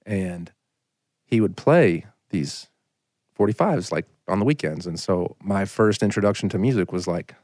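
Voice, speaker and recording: Low-voiced man telling a story. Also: animated, unhurried, darkish tone, dry recording, studio quality. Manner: rambling, anecdotal, frequent "like" fillers. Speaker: singer-songwriter guest. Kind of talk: casual storytelling in a podcast interview.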